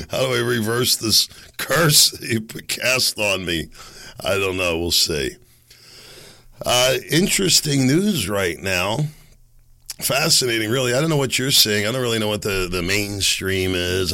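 Hoarse raspy guy rambling on his podcast, kinda low voice but bright and forceful. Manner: rambling, hesitant, self-mocking. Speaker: podcast host. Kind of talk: casual solo commentary.

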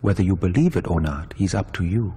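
An actor voicing a mysterious, androgynous male pet shop owner in an anime dub, speaking in a smooth, composed and politely teasing way. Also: deep voice, lively intonation, a little fast, mellow. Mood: calm, insistent. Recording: noisy clip from an anime dub.

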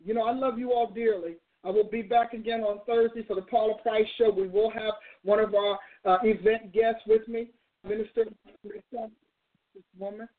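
A woman hosting a talk show, preaching bluntly and emphatically with no soft tone, exhorting her listeners. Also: fairly high pitch, steady tone, normal speed. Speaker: talk show host and minister. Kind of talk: preaching call-in style talk. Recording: narrow phone-like audio.

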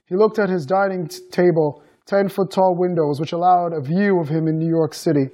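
Male author reading his own fiction, high-pitched, measured delivery. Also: fairly even intonation, dark tone. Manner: measured storytelling with acted dialogue. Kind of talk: reading aloud from his novel.

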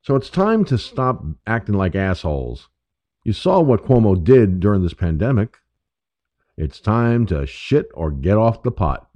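A man's voice: lowish voice, sing-song, measured pace, warm tone, no room sound. A man from New York State hosting an internet radio show, delivering a profane, emphatic political monologue. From New York State, USA. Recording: dull lo-fi dry audio.

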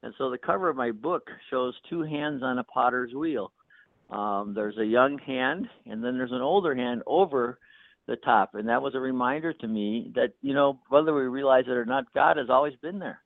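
A man's voice: medium pitch, moderate pace, no echo. A pastor in his sixties tells a personal story in an interview, chuckling between phrases and often saying "you know". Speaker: pastor and author. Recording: tinny phone line, dry.

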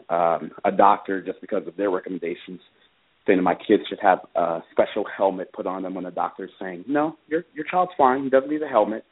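Low-voiced man on a tinny phone line. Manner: earnest, halting, many fillers. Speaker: father calling in about his case. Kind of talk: personal account on a call-in radio show.

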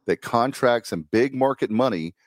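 A man from New Jersey co-hosting a casual sports talk show, laid-back and quick to laugh. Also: medium pitch, expressive, dry recording, studio quality.

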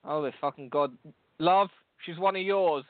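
A man's voice: fairly high pitch, normal speed, dry recording. A man with a London accent co-hosting a podcast, teasing and swearing in rambling casual banter. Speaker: podcast co-host. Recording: tinny phone-like line, dry.

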